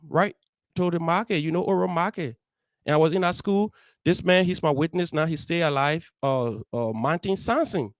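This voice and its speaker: Brief: Liberian English man, young adult, motivational host, earnest storyteller, slightly high voice, dry close sound. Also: darkish tone, no room sound. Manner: earnest, heartfelt, acts out dialogue. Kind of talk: personal storytelling.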